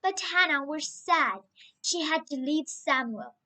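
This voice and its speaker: A woman reading a storybook aloud for children on a radio program, slow and expressive. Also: sits high, poor audio. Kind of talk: storybook reading with character voices.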